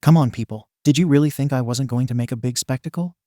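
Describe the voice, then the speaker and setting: A man's voice: mid-range voice, a little fast, warm tone, no room sound, studio quality, close to an everyday voice. A man voicing a brash, cocky teenage boy swordsman in a fan story reading, teasing in tone.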